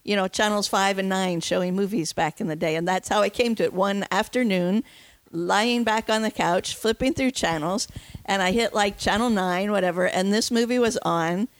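A woman's voice: medium pitch, moderate pace, no room sound. Dry, eager woman podcast host. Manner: excited, rambling storytelling with many restarts. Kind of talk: casual film discussion.

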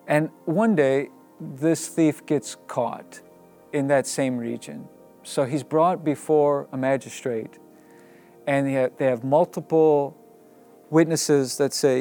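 A man telling a story in a casual, animated way, laughing often and using many fillers. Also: medium pitch, a little slow, faint music behind.

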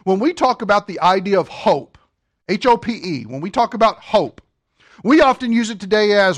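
A high-pitched man delivers a sermon from the pulpit. He teaches with emphatic swings from loud to hushed and keeps putting questions to the congregation. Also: animated, normal speed. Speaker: pastor.

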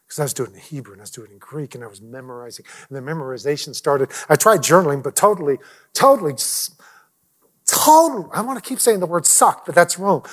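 A middle-aged man, a pastor, telling a personal story in a lively way, at times dropping almost to a whisper. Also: fairly high pitch. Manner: animated, drops to near whispers.

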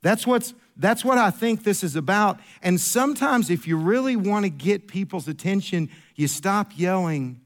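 Emphatic high-voiced male pastor preaching. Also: animated, normal speed, few pauses. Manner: emphatic, repeats phrases and restarts, swings from raised voice to near whisper. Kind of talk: sermon.

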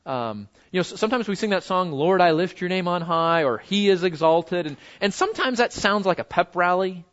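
High-voiced man teaching a Bible lesson. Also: animated, fairly bright tone, highs cut off. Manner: conversational, repeats words, slows down to stress key phrases.

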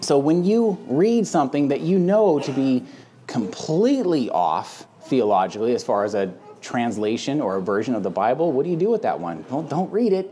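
A man's voice: mid-range voice, very animated, moderate pace, dark tone. A man hosting a casual Bible discussion who talks emphatically and conversationally, with frequent fillers. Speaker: host and Bible teacher. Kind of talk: casual teaching chat.

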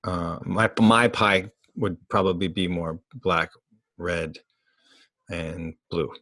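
Man with a low, dry-sounding voice. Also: level tone, slow, pushed and bright, dry recording. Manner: self-deprecating, jokey. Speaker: podcast co-host. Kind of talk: casual card game chat.

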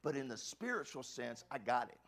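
A male pastor preaching a sermon, swinging from hushed, quiet lines to fervent shouts, often repeating words and restarting sentences. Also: mid-range voice, big pitch swings, fairly quick, vocal fry.

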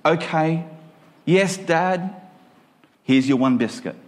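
A man's voice: a little high, slow, in a large hall, voice pushed up. A man voicing a young child who whines and sweet-talks a parent for more. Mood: pleading. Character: young child pleading, then mock-flattering a parent.

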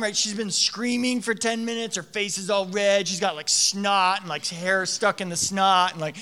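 High, bright-voiced chatty young preacher. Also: male voice, moderate pace, few pauses. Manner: animated storytelling with frequent "like" fillers. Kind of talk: conversational sermon.

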